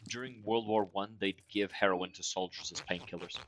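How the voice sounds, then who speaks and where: A man giving casual, wry commentary while playing a video game, with deadpan jokes and frequent fillers. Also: on the low side, normal speed, slight background noise, poor audio. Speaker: gaming streamer. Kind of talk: casual let's play commentary.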